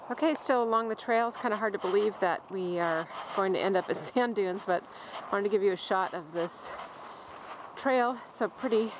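A woman's voice: medium pitch, normal speed. A woman narrating her hike on camera, chatty and calling out to her dogs, recorded outdoors on a trail with a handheld camera mic. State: panting. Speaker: vlogger filming a hike. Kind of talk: casual hiking vlog narration. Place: outdoors on a forest and dune trail. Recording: outdoor camcorder audio with steady background noise.

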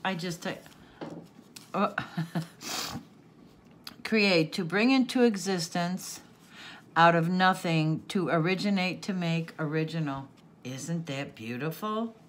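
Slow-talking tearful older woman. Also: fairly low pitch, a little hiss or hum. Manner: gushing, gasping, breaking into laughs. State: tearful, sniffling. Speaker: craft channel host. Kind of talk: casual unboxing chat.

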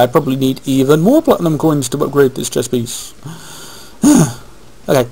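A man's voice: a little high, darkish tone, poor audio. Chatty man narrating gameplay. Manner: rambling, chatty, talks to himself while playing. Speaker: let's play host. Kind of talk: casual gameplay commentary. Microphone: webcam microphone.

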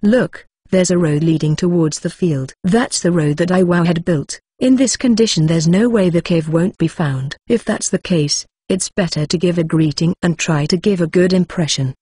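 A narrator reads a first-person fantasy novel in a plain, even way, pausing now and then for short personal asides. The voice is breathy and husky, recorded close and dry at a middling pitch. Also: no room sound. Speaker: audiobook narrator.

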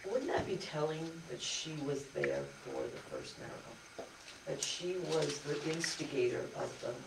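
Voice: medium pitch, very animated, measured pace, gravelly. A class attendee chiming in with thoughtful remarks during a parish talk. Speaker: audience member. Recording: echoey room from far off, loud hiss.

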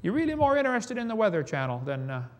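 A man's voice: high-pitched, sing-song, fast talker. A man preaching a sermon, telling folksy stories with chuckles.

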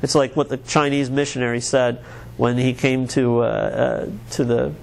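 An American pastor delivers a sermon at a mid-range pitch. He talks earnestly and conversationally, circling back and restarting phrases as he goes. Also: flat delivery, moderate pace, gravelly, slight background noise. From United States.

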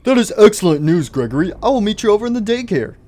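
A man voicing a friendly male animatronic bear in a game roleplay, speaking in a formal, measured way. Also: high-pitched, big pitch swings, darkish tone, voice pushed up. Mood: pleased.

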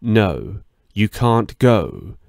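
A man voicing a threatening, mocking young man with a low, gravelly voice. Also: big pitch swings, drawn-out words, darkish tone, no room sound, clean studio sound, full character voice. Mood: menacing. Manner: mocking, through gritted teeth. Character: menacing controlling young man, quietly threatening.

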